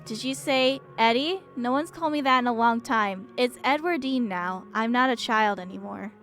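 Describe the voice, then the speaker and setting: A woman's voice: a little high, moderate pace, fairly bright tone, soft background music. A woman reading the lines of a cold young woman from a visual novel in a curt, stern way.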